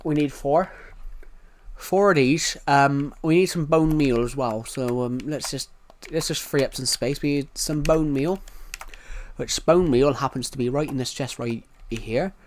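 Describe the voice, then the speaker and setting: A man's voice: mid-range voice, a little slow. A young British man streaming a game live, rambling and repeating himself as he narrates each move. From United Kingdom. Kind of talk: live gameplay commentary.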